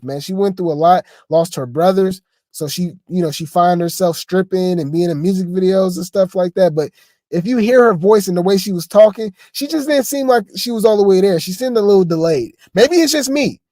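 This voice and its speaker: A man's voice: high-pitched, darkish tone, no echo, studio quality. A man giving casual reaction commentary on video clips, chatty and stammering, throwing asides to his viewers. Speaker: commentary host.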